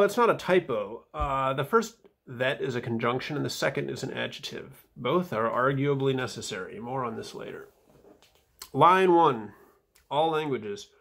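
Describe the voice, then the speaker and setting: A man reading his own footnotes aloud in a casual vlog, dry and wry, with fillers and soft mumbled asides. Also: medium pitch, vocal fry.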